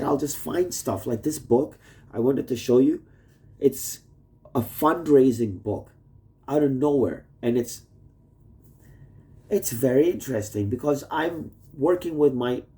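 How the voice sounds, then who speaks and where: A male vlogger records a rambling, profane video message to his wife indoors at a shared home where roommates are sleeping, jumping between topics. His mid-range voice has a dark tone, moving a little slowly with frequent pauses.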